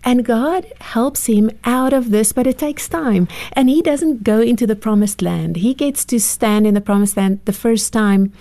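A woman's voice: on the high side, moderate pace, hardly any pauses, warm tone. A woman speaking as a guest expert in a faith-based parenting discussion, explaining with vivid examples and laughing easily.

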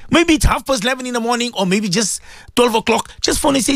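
A man's voice: very high-pitched, a little fast, fairly bright tone, no room sound, clean studio sound. A man preaching on the radio, addressing his listeners directly, emphatic and repetitive. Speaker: religious radio presenter. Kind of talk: impassioned radio sermon.

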